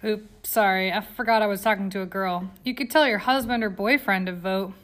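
Woman voicing a shy young male law student, storybook, hesitant, mid-pitched. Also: a little fast, fairly bright tone, natural voice.

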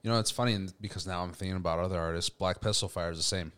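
A man's voice: low-pitched, steady tone, very fast, fairly bright tone, clear, resonant tone. A man co-hosting a music podcast, chatting casually. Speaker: podcast co-host. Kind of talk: casual chat.

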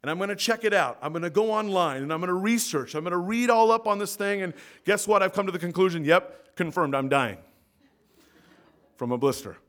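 A man preaching a sermon as pastor in a church, swinging between loud emphatic peaks and soft low asides. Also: brisk. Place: church sanctuary.

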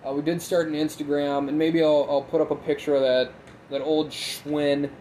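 A man's voice: a little high, little pitch movement, moderate pace, mellow, slight background noise, poor audio. A young man from Minnesota with a Minnesotan accent, hosting a podcast in a rambling, profane monologue, recorded on a phone inside a tin building. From Midwest, Minnesota. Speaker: podcast host. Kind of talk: casual solo podcast monologue.

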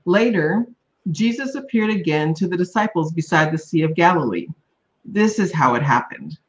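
Scripture reader, woman, steady, dull lo-fi recording. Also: fairly low pitch, normal speed. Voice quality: steady, plain reading. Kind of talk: reading scripture aloud. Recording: dull, lo-fi sound.

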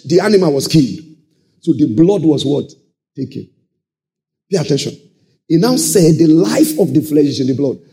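A man preaching a sermon, calling out to the congregation and swinging into shouted and half-sung phrases. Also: on the high side. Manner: animated call-and-response preaching, sudden shouts and sung phrases.

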